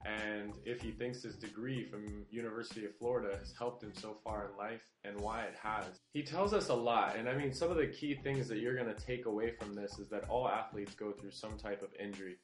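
A man hosting an athlete interview podcast, introducing his guest in an upbeat, energetic way. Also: fairly low pitch, a little fast, soft background music. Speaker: podcast host. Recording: roomy echo.

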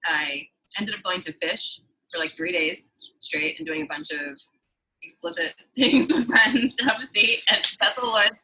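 A woman's voice: on the low side, a little slow, sharp tone, poor audio. A woman in her thirties from the New York City suburbs, talking in a heated, emphatic way and swearing freely in a casual conversation. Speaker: guest.

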